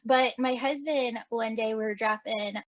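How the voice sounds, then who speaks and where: A woman's voice: on the high side, normal speed, dry recording, highs cut off. A woman hosting a podcast, chatting casually and acting out quoted dialogue as she tells a story. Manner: animated, acts out quoted dialogue with laughs. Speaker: podcast host and medium.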